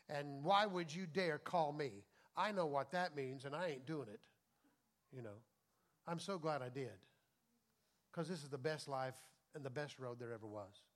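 Pastor, male, high-pitched, folksy sermon delivery with quiet-to-loud swings. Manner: swings between soft confiding and loud preaching; folksy and conversational.

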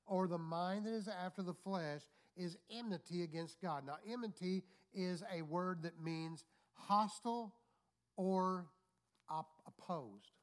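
Man preaching a sermon, higher voice. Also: a little slow. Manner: preaching with call-and-response asides and repeated phrases. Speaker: pastor. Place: church.

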